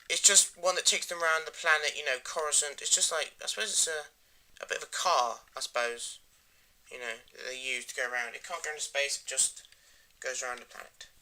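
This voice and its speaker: A man giving a rambling, enthusiastic casual toy review that often trails off into quiet mumbles. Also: on the high side, moderate pace.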